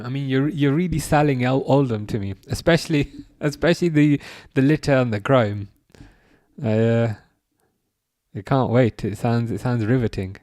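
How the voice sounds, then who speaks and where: A young man hosting a live football watchalong, chatting loosely and reading viewers' messages aloud. He flares up with excitement at big chances, then settles back into easy talk. His voice sits at a middling pitch and is recorded close and dry. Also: normal speed, dry recording. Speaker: watchalong streamer. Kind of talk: live match reaction and chat reading.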